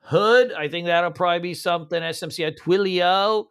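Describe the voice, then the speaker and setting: Man, trading stream host, slightly high voice, casual slangy talk, hums filler beats. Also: moderate pace, a bit bright, clean tone. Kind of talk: casual live market commentary.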